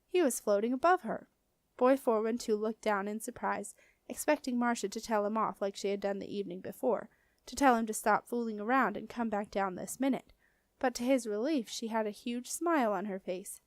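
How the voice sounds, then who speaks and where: A woman narrating a children's fantasy audiobook in a steady, clear storytelling voice. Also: mid-range voice, dry recording. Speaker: audiobook reader.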